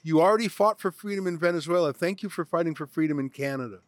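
A man in his fifties who hosts and interviews people at a conference, talking briskly and with emphasis. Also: a little high, no echo. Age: 50s. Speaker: host.

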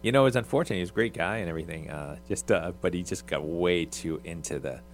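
A middle-aged man who coached youth basketball, chatting casually and haltingly with many restarts. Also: sits low, slight background noise. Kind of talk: casual podcast chat.

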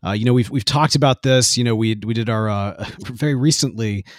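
A man's voice: mid-range voice, fairly quick, no echo, studio quality. A man hosting a casual podcast, asking questions and teasing his co-host. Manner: playful, teasing, lots of fillers.

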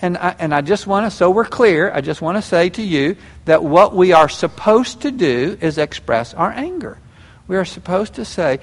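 A man preaching a sermon, folksy and animated, acting out little scenes. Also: high-pitched, normal speed. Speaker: pastor. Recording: long hall reverb.

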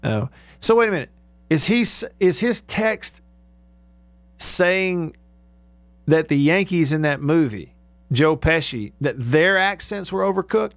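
A man's voice: fairly high pitch, expressive, measured pace, no room sound. A male radio host in casual talk, reading out listener texts, chatting and laughing often.

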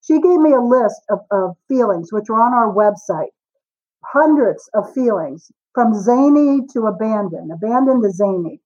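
A woman in her forties, a guest author on a podcast interview, telling stories with lively acted-out dialogue. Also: a little high, moderate pace, slightly rough, dull audio. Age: 40s. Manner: animated storyteller, acts out dialogue.

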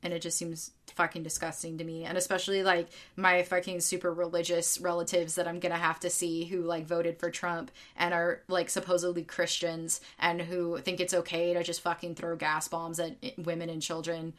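A woman's voice: on the low side, monotone, moderate pace, hardly any pauses, fairly bright tone. A woman co-hosting a casual podcast, venting in heated, profane bursts full of fillers and "like". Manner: heated, swearing, frequent fillers. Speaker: podcast co-host. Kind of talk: casual ranting chat.

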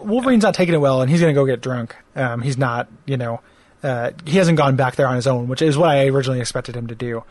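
A man chatting casually about a cartoon show, rambling with many fillers and laughing as he acts out lines. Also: medium pitch.

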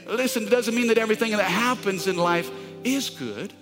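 A middle-aged pastor delivers his sermon in a voice pitched a little high for a man. He tells stories with open emotion and plenty of humor. Soft music plays quietly in the background. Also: fairly quick. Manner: emotional, animated storytelling with humor.

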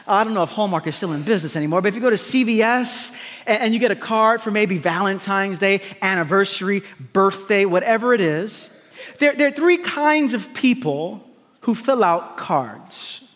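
A man preaching a sermon to a congregation, emphatic and repetitive, with quick asides to the crowd. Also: high voice, animated, a bit bright, long reverb tail. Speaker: pastor. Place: large church hall with congregation.

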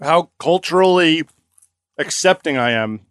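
A man's voice: a little high, lively intonation, measured pace, a bit bright. A man hosting a comedy podcast, joking and leading the casual banter. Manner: joking, leads the conversation. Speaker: podcast host.

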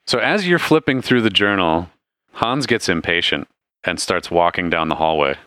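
Deep clear-voiced man running a game. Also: normal speed, no room sound. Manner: relaxed, laughs often, loose storytelling. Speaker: game master. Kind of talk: narrating a tabletop game.

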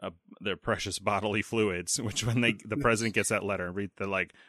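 A man in casual podcast conversation about a film, lively and acting out lines from scenes. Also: on the low side, no room sound, clean studio sound. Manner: animated, acts out movie lines in quick voices.

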